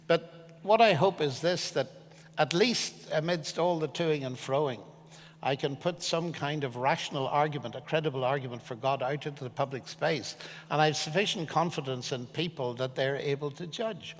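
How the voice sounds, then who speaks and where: An older man from Ireland, a guest speaker answering questions on stage in an earnest, measured, emphatic way. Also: on the high side, big-room sound, a little hiss or hum. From Northern Ireland. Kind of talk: public discussion on stage.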